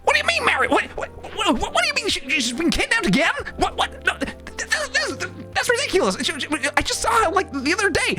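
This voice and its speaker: A man voicing a frantic, panicky cartoon plumber brother in a squeaky, stammering falsetto. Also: huge pitch swings, fast, hardly any pauses, over music, heavily acted. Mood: frantic disbelief.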